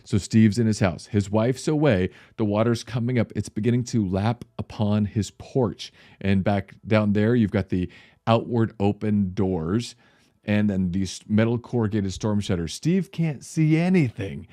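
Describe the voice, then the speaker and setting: A man's voice: lowish voice, unhurried, no room sound. Dry-sounding storytelling pastor man. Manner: animated storyteller, laughs mid-sentence. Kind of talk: casual storytelling vlog.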